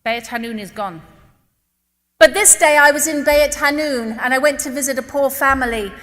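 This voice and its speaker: A woman giving an impassioned religious talk to a gathering, telling a personal story in an earnest, emotional way and slowing down to stress key words. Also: sits high, a bit bright. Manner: earnest, emotional, slows down for emphasis. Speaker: speaker addressing a religious gathering. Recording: long reverb of a large hall.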